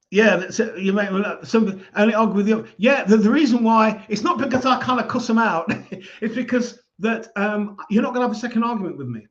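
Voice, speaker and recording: A man giving calm, measured advice in a casual talk. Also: high-pitched, dull audio. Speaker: speaker giving life advice.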